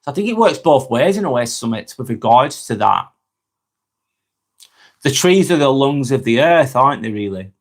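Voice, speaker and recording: A man's voice: mid-range voice, big pitch swings, normal speed, pauses often. A young man hosting a casual live stream, reading viewers' comments aloud and answering them frankly and chattily.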